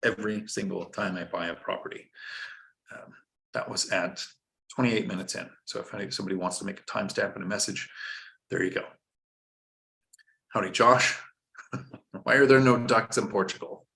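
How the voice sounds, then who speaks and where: Low-voiced man hosting a finance stream. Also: moderate pace, creaky, pauses often, pushed and bright. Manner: instructive, joking, reads viewer chat aloud. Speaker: host. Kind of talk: live-stream finance chat.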